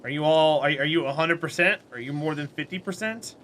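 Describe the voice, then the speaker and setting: A man's voice: a little high, a little fast, a bit bright, a little hiss or hum. A man streaming a game and chatting casually with his viewers, friendly and talkative, answering chat by name and laughing often.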